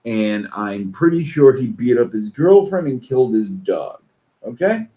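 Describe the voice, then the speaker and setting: Man, reading posts and ranting, swearing, slow delivery, very animated. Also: mid-range voice. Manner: profane, exasperated ranting. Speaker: commentator. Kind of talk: reading posts aloud and commenting.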